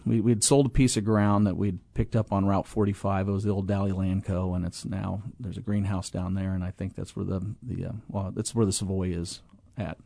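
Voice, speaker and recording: A middle-aged man with a low, gravelly voice tells his story in a loose, conversational way, full of restarts and quoted dialogue. The sound is close and dry, with no room around it. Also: flat delivery, a little fast, few pauses, mellow, no echo. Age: 20s in 1997, now middle-aged. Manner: rambling, with many restarts and acted-out quotes. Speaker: guest, apartment property owner. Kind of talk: casual interview storytelling.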